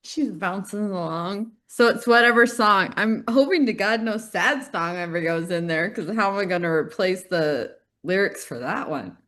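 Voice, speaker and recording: A middle-aged woman co-hosting a podcast, telling animated stories in casual chat and laughing often. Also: mid-range voice, moderate pace, hardly any pauses. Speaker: podcast co-host.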